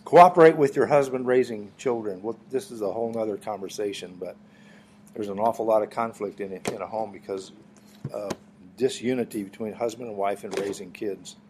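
A middle-aged man preaching a sermon as pastor, teaching earnestly, often clearing his throat and restarting phrases. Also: lowish voice, fairly quick, noisy background.

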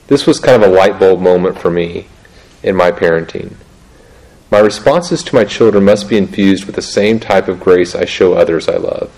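A middle-aged man talking through parenting in a casual, halting way, restarting sentences often and laughing at himself. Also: on the low side, darkish tone, low-quality recording. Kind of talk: casual teaching talk on parenting.

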